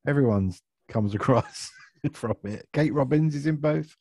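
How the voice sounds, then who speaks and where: A man, chatting as an actor guest in a relaxed interview, self-deprecating and laughing often. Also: medium pitch, measured pace, no room sound. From Essex, England. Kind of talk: casual interview chat.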